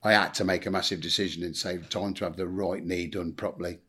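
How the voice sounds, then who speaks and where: A man's voice: low voice, fairly even intonation, quick pace, a bit bright, slightly rough. A middle-aged English man, a former football manager, telling blunt anecdotes in a casual interview and acting out quotes. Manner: blunt anecdotal storyteller, swears, acts out quotes.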